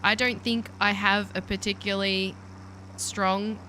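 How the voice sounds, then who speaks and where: A woman's voice: medium pitch, flat delivery, measured pace, sharp tone, a little hiss or hum. A woman with an Australian accent, chatting playfully with her viewers as she streams a game. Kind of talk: casual live-stream chat while gaming.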